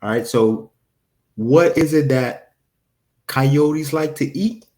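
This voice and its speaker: A man giving casual scripture commentary to his viewers, animated and rambling, talking straight to them. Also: fairly high pitch, takes it slowly. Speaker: religious video preacher.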